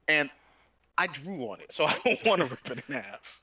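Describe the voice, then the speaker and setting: A young man hosting his channel, telling a profane, animated story and acting out both sides of an argument. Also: on the high side, fairly quick, breathy edge. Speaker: gaming and art channel host. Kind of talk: casual storytelling rant.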